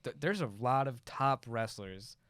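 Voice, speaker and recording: A man co-hosting a podcast, chatting casually in a soft-spoken, hesitant way. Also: mid-range voice, lively intonation, unhurried, dry recording.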